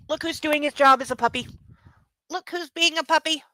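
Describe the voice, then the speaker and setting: A woman's voice: sits high, a little fast, bright, forceful tone, no room sound, low-quality recording. A woman hosting a book club show at home, reading a novel aloud and breaking in with sarcastic, giggly comments and baby talk.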